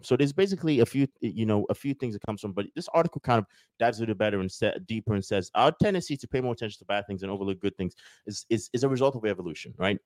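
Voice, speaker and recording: A man's voice: mid-range voice, a little mellow, no room sound. A man talking casually to his viewers, rambling through a lesson and acting out everyday scenes. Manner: rambling, acts out little scenes with voices. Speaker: self-help video host. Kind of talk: casual teaching talk to viewers.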